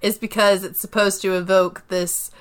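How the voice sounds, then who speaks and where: A woman with a gentle Southern country twang talks through a film in relaxed, chatty podcast style. Her voice is smooth and clean, at a mid pitch, and she fills her talk with "like" and "you know". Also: moderate pace. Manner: chatty, animated, lots of fillers. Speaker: podcast co-host. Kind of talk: casual movie review chat.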